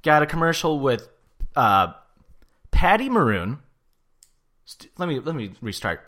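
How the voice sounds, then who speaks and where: Man, casual podcast banter, animated pitch, bright tone, profane and jokey. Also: a little slow, long pauses. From St. Louis area. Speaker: podcast co-host. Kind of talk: casual sports chat.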